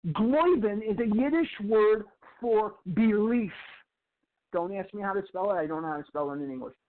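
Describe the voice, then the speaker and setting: Male recovery speaker with a high voice who tells stories and drives points home by slow repetition; thin, phone-like recording. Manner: slow, emphatic repetition of phrases. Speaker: twelve-step recovery speaker. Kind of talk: storytelling lecture. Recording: tinny phone-like sound.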